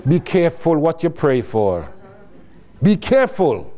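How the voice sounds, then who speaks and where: Animated, lively-pitched man from Jamaica. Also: unhurried. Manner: animated and laughing, with casual swearing. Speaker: guest speaker. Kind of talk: storytelling talk to a live audience.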